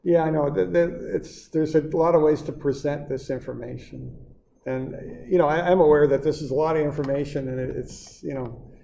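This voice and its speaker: A man teaching an engineering class, explaining patiently and repeating points in a relaxed, reassuring way. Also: on the high side, moderate pace, vocal fry. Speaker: engineering instructor. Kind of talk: classroom lecture. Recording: echoey classroom with faint noise.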